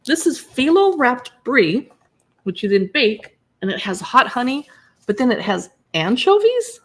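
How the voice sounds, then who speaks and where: A woman's voice: fairly high pitch, sing-song, measured pace, a bit bright, slightly rough. Chatty woman leafing through a cookbook. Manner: chatty, reacts aloud to recipes and chat. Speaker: cookbook blogger and live streamer. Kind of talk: casual live stream chat.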